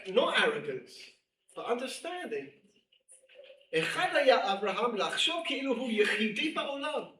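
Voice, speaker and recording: A man teaching a class, animated and emphatic, repeating key phrases and reading Hebrew texts quickly. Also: very high voice. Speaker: teacher at a women's seminary. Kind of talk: lecture to a class. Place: room with a class present. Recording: echoey room, distant mic, faint hiss.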